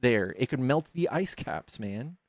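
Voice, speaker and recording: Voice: medium pitch, big pitch swings, a little slow, dry recording, clean studio sound. A debate host in a casual heated argument, blunt, profane and mocking.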